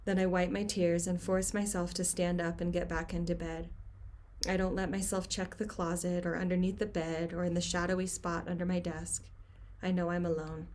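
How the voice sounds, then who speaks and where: A woman reads her own novel aloud in a cabin at home. Her voice sits low and stays fairly even in pitch. She keeps the reading quiet, sinking to near-whispers where the story grows tense. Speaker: author.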